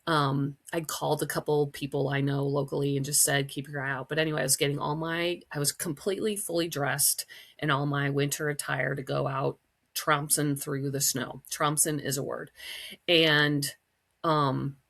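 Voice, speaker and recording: A woman's voice: little pitch movement, moderate pace, gravelly, a bit bright. A middle-aged woman from Wisconsin hosting her own podcast, chatting casually and telling a story with lots of fillers. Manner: chatty, storytelling, many fillers, acts out quotes in a high voice. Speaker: podcast host. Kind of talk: casual solo podcast chat.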